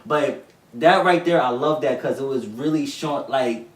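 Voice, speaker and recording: A young man co-hosting a casual talk show, wandering through his stories and quick to laugh. His voice sounds roomy and distant, as if he is sitting well back from the mic. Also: mid-range voice. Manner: laughs easily, rambling storytelling. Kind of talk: casual chat. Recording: roomy echo, mic far off.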